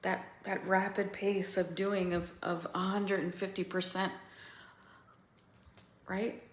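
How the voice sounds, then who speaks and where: A woman coaching other women through a feeling practice, slow and pausing, candid and swearing now and then. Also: mid-range voice, level tone, reverberant. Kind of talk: guided emotional coaching talk.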